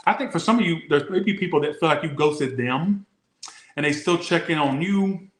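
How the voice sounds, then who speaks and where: A man's voice: fairly high pitch, normal speed, echoey room, a little hiss or hum. A man from the Southern United States giving a casual, rambling tarot reading, often asking "all right?". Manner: chatty, rambling, says "all right?" a lot. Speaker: tarot reader.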